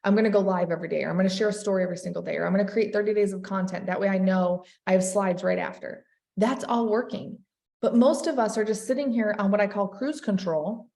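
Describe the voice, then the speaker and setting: A woman leading a sales team, giving an energetic motivational talk and calling her listeners "you guys". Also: fairly high pitch, fast talker, roomy sound. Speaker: network marketing team leader.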